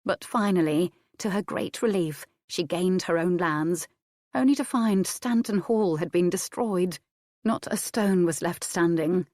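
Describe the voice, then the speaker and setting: A woman narrates a historical romance in a measured, steady reading. Her voice sits low, and the recording is dry with no room sound. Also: dry recording. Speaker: audiobook narrator. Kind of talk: scripted narration.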